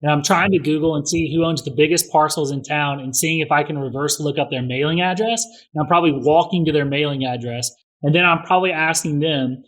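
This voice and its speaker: Fast-talking, blunt middle-aged man. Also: on the high side, fairly bright tone. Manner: fast, blunt, swears freely. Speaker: podcast guest, real estate investor. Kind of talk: casual podcast conversation.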